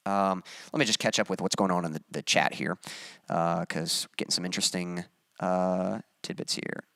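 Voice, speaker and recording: A man's voice: deep voice, fairly even intonation, normal speed, gravelly, fairly bright tone, no echo, studio quality. A young adult man, a musician, chatting casually on a live stream, reading viewer comments and rambling with many fillers and restarts.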